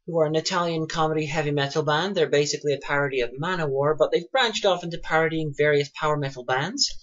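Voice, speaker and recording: A woman's voice: low-pitched, fast talker. A woman co-hosting a podcast in casual chat, with dry, wry asides. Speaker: podcast co-host. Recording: muffled lo-fi podcast audio.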